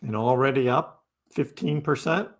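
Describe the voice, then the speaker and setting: A man's voice: medium pitch, normal speed, creaky. A man hosting a live crypto stream, chatting casually and answering viewers' messages as he reads them. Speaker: crypto livestream host. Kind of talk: casual livestream chat with viewers.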